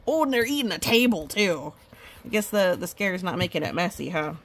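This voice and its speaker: A woman's voice: fairly low pitch, lively intonation, a little fast, a bit bright, slight background noise. A woman reading a children's picture book aloud, chatting and delighting over the illustrations. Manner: chatty, amused, commenting on pictures. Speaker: storybook reader.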